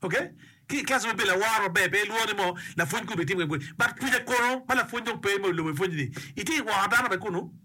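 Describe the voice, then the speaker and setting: A man's voice: high-pitched, fast, pushed and bright. A man giving an emphatic, casual talk on education and community, often repeating himself and checking in with his listener. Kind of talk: casual explanatory talk mixing English and a local language.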